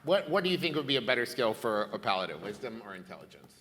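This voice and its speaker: A man playing a paladin in a live tabletop game, joking and animated in banter with the game master. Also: medium pitch, fast talker, a little hiss or hum. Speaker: player. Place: stage at a large convention hall.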